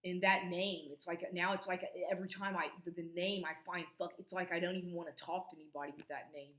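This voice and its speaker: Woman vlogger, low-ish voice, agitated and profane, rambles and restarts; echoey room. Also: fairly even intonation, quick pace, a bit bright. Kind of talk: angry rambling personal story.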